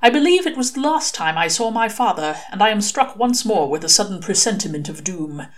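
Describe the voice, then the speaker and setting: A woman voicing a dignified, wistful older man who speaks in measured, formal phrases in a storybook reading. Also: mid-range voice, very animated, lightly acted.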